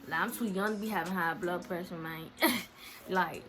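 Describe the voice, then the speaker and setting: Young woman, storytime vlogger, bright, sharp tone, animated and profane, faint music behind. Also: fairly low pitch, moderate pace. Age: young adult. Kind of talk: casual storytime monologue.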